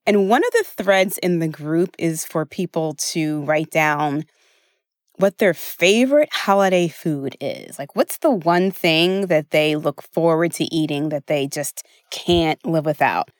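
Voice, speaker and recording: An American woman hosting a solo podcast as a weight-loss coach, chatty and expressive, often laughing as she talks. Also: deep voice, measured pace, dry recording, clean studio sound.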